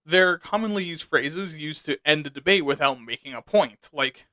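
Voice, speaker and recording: Male podcast host, fairly high, bright voice; swears freely, sarcastic ranty delivery. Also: moderate pace, dry recording. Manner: profane, sarcastic ranting with jokes. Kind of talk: casual podcast monologue.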